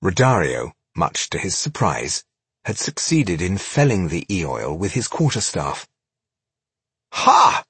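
A male audiobook narrator with a low, husky voice. He reads with measured drama and a lively rise and fall. The recording is dry and close. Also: no echo. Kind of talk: scripted narration.

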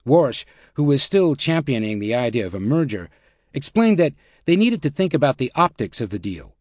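A male audiobook narrator reading nonfiction in a measured, even voice. His pitch is ordinary for a man, and the recording is close and dry, with no room sound. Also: no room sound.

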